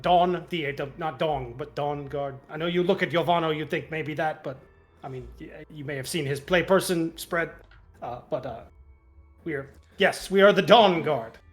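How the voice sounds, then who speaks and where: Player, man, high voice, playful and stumbling, faint music. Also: moderate pace. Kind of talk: tabletop role-play.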